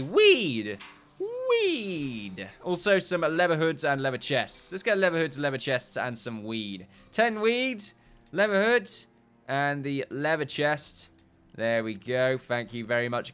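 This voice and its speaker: A man's voice: mid-range voice, bright, forceful tone, clear, resonant tone. A man with a British accent giving rambling, jokey and profane commentary as he plays a game. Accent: British English. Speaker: gaming video host. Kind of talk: casual gameplay commentary.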